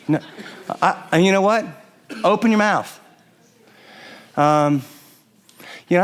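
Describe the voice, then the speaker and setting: An older male pastor with a fairly high, smooth voice preaches animatedly and conversationally to a live audience. He slips into quick impressions of spouses talking to each other, often stumbling and restarting his phrases.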